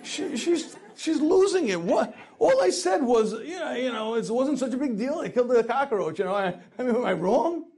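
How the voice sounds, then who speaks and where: A man's voice: fairly high pitch, lively intonation, fast, hardly any pauses, a little mellow. A man acting out a puzzled young husband who sputters indignant questions in a story. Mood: bewildered. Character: bewildered young husband, defensive.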